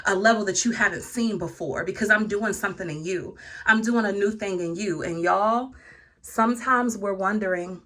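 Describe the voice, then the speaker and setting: A woman's voice: mid-range voice, fairly bright tone. Woman preaching casually to her viewers. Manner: preachy, speaks straight to viewers, laughs often; lists virtues in rhythmic runs. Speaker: vlogger. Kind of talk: casual spiritual encouragement talk. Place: indoor room.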